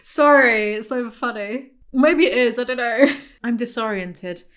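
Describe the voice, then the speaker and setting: A young woman giving a comedic book review, full of sarcastic, deadpan asides. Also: a little high, a little slow.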